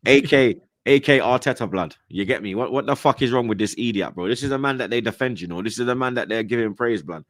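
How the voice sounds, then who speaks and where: Young man, London accent, very deep voice, dry close sound, slangy ranting football host, swears a lot. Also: quick pace, few pauses, no room sound. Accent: London, multicultural London English slang. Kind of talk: heated casual football chat.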